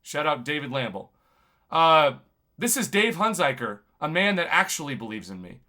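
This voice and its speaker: A man, a YouTube journalist, talking to camera in a rambling, impassioned monologue full of shout-outs. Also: on the high side, very animated, moderate pace. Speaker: YouTube video game journalist.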